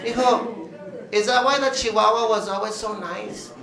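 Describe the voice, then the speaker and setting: A woman's voice: on the high side, fairly even intonation, moderate pace, pitched above the performer's own voice, lightly acted. A man voicing his older mother, blunt and matter-of-fact, in a live comedy club. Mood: puzzled. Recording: echoey club with crowd laughter.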